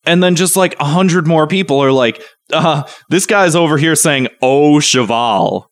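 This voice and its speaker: A man co-hosting a casual podcast, telling a story with mock outrage that climbs toward near shouting. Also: fairly high pitch, normal speed, no room sound, studio quality. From Chicago. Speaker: podcast co-host.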